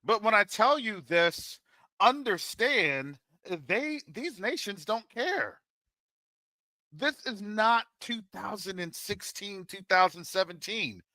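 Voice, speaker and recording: Animated bright-voiced man host. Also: high-pitched, slow, no room sound. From Florida. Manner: animated, jokey, preacherly asides. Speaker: channel host. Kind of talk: casual commentary monologue.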